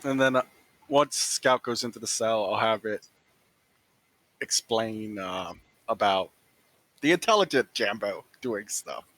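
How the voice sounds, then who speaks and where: A man's voice: lowish voice, animated, a little slow, pauses often, a bit bright, no room sound, low-quality recording. Hesitant man playing a tabletop game. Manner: hesitant, full of "uh"s. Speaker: player. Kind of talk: casual game talk.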